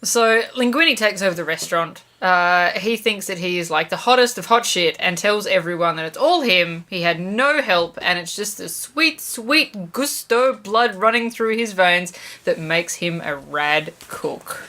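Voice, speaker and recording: Sweary woman, bright voice. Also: fairly low pitch, expressive, measured pace, few pauses. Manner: blunt, sweary, laughs often. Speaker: guest co-host. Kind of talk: casual chat recapping a plot.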